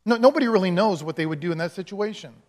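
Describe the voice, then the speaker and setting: Male pastor, sermon, slightly high voice, storyteller who acts out the quotes. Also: expressive, very fast, darkish tone. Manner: conversational storytelling, acting out quotes.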